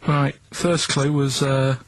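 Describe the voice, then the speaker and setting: A man's voice: medium pitch, level tone, slow pace, rough recording. A man in a comic radio chat who explains quiz clues at length and keeps checking with "right?". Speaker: regular radio contributor setting quiz clues.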